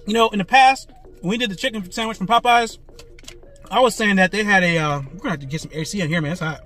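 A man eating and reviewing fast food in a parked car, talking excitedly and calling his viewers "guys" and "man". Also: high voice, faint music behind. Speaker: food vlogger. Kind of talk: casual food review vlog. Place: parked car, traffic passing outside. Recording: faint road noise from inside a car. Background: cars passing by.

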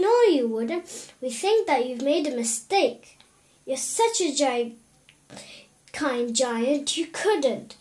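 Woman doing storybook children, eager, squealing, very high, loud. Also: heavily acted. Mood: coaxing. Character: excited pleading group of young children.

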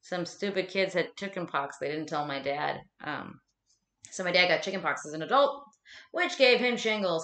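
Woman, casual home stream chat, swears a lot, self-mocking, very lively pitch, roomy echo. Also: brisk. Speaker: live streamer. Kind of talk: casual chat while folding laundry, answering viewers.

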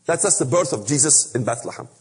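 A man preaching an impassioned sermon, emphatic and repetitive in a husky voice. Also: on the high side, expressive, fast talker. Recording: echoey hall.

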